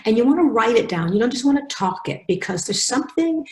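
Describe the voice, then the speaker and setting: A woman leads a writing webinar, talking fast and animatedly and restarting her sentences often. Her voice carries a gravelly fry. The room is echoey and the sound rings around her. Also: on the high side, big pitch swings, darkish tone. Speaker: faculty webinar speaker. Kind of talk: teaching a webinar.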